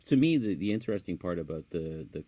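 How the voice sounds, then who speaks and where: A man co-hosting a podcast in casual chat, chatty and quick to laugh, from Canada. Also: low voice, sing-song, dark tone, lo-fi sound. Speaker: podcast co-host.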